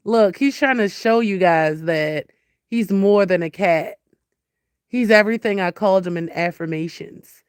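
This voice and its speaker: A woman's voice: medium pitch, a little slow, clean tone, dry recording. A young woman, ranting casually on a phone livestream and scolding her cat. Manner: blunt, profane, talks to her cat and viewers.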